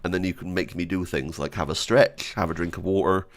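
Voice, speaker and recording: A young man chatting casually and excitedly as a streamer, joking and giggling between wishes. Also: low voice, fairly quick. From Britain. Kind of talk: casual gaming chat.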